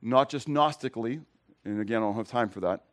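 A man preaching a sermon to his congregation, conversational, asking them direct questions and moving between loud emphasis and quiet, low remarks. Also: fairly quick. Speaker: pastor. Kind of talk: expository sermon.

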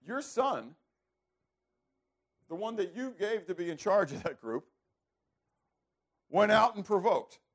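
A man's voice: high-pitched, takes it slowly, pauses often. A man preaching a sermon who keeps asking the listeners questions and answering them himself, often repeating words as he starts over. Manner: animated, asks rhetorical questions and answers them. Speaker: preacher teaching a Bible passage.

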